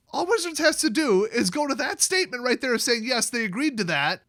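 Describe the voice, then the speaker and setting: Sarcastic high-voiced male commentator. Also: fairly bright tone, no echo, studio quality. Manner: sarcastic, mocking, puts on voices for jokes. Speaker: commentary channel host. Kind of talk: casual ranting commentary.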